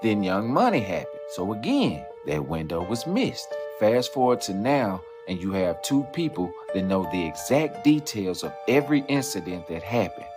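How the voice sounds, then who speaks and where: A man's voice: on the low side, very animated, normal speed, few pauses. A man narrating a scripted rap-history commentary, telling it as a story and asking rhetorical questions. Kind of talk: scripted narration over music. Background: background music.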